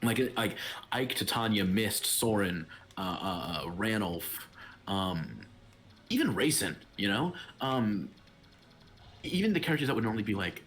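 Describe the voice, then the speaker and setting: A man's voice: on the low side, very animated, unhurried, fairly bright tone. Rambling young man chatting over a game. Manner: rambling, heavy use of filler words. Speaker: gaming channel host. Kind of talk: casual let's-play chat.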